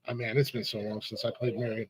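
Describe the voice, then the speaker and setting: A man's voice: medium pitch, level tone, quick pace, a crowd in the background. A man hosting a casual live-stream interview, laid-back and laughing often, with lots of restarts and fillers. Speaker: podcast host.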